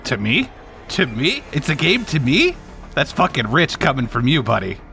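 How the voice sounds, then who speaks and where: A man's voice: mid-range voice, normal speed, creaky, soft background music. A man playing a smug, cocky male villain who taunts the heroes. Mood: mocking. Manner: mocking, relaxed taunts.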